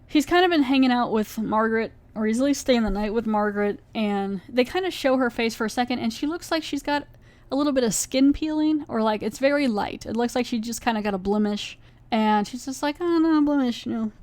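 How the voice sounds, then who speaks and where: Woman, podcast host, casual recap, chatty, acts out the characters' lines, slightly high voice, dry close sound. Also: brisk, darkish tone, dry recording.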